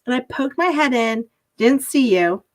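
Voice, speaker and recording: A woman in her forties with a fairly high voice, speaking as a podcast guest. She recounts a story in a lively, casual way and acts out the voices of the people in it. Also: normal speed. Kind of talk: casual conversation.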